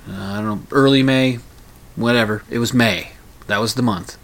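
A man's voice: mid-range voice, moderate pace, gravelly, fairly bright tone. A middle-aged man rambling through a casual personal monologue, full of fillers, restarts and dry humor.

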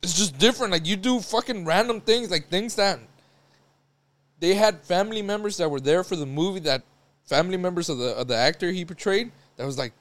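A man's voice: high voice, a little fast. A man co-hosting a casual podcast chat, telling stories full of swearing and laughter. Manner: profane storytelling, laughs often. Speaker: podcast co-host.

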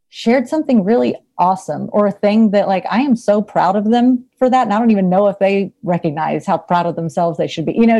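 A woman's voice: mid-range voice, warm tone. A woman who is a therapist, talking casually in an interview, chatty with frequent laughter and lots of fillers. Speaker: therapist, podcast guest.

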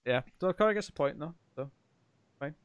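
A man's voice: a little high, animated, fairly quick, clean tone, no echo, clean studio sound. A man hosting a casual trivia game on a podcast, teasing the players and laughing often. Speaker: quiz host.

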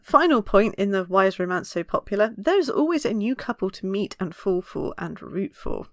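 A woman's voice: medium pitch, moderate pace, no echo. Chatty woman, dry sound. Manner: chatty, laughs often, animated storytelling. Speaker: podcast co-host. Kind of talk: casual chat.

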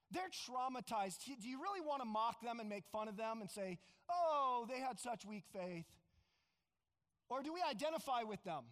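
Man preaching, lively acted-out quotes, large church hall, long echo. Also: sits high. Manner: animated, acts out quoted voices with bursts of shouting. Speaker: pastor. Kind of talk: sermon.

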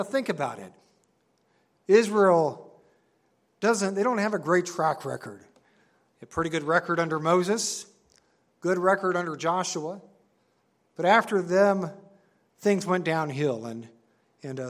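A man giving an earnest, emphatic sermon-style Bible teaching, slowing down to stress key words and reading scripture aloud. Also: fairly high pitch. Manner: reads scripture aloud in old-fashioned wording.

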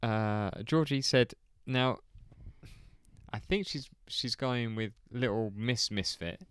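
A man's voice: medium pitch, slow, clean tone, dry recording. A man hosting a casual podcast chat, laid-back and chuckling, reading out listener answers with plenty of ums. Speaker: podcast host.

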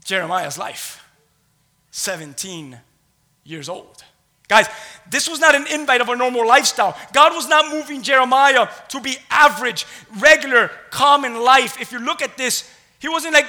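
A man preaching a sermon in a church, impassioned, swinging between loud declarations and hushed asides. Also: extremely high pitch, expressive, normal speed.

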